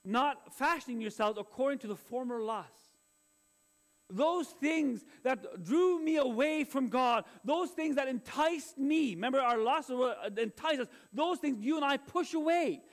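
A middle-aged male pastor preaching a sermon in an earnest, confessional way, often restarting his phrases. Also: very high voice.

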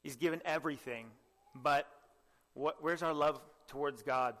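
A young man preaching a sermon with earnest exhortation, often asking the listeners direct questions and clearing his throat. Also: a little high, normal speed, a bit bright, long reverb tail.

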